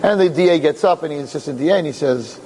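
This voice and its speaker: A man with a fairly high voice tells a story in an animated way, slipping into character voices as he goes. Faint noise hums behind him. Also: fast talker, poor audio. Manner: lively, acts out every character.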